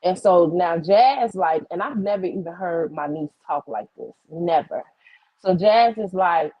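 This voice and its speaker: A woman's voice: on the low side, measured pace, husky, no echo, highs cut off. A woman host telling a heated, profane story to her viewers in casual chat. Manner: heated, profane, animated retelling with quoted voices. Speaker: streamer host.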